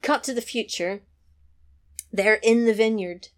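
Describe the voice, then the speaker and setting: A woman retelling a film plot in a casual chat, animated, swearing and laughing easily. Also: on the high side, measured pace.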